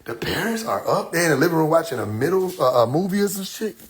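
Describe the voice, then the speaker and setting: A young male streamer with a slightly high, breathy voice rattles off a funny childhood story quickly. It's a casual monologue full of laughter and free swearing, delivered with lots of energy.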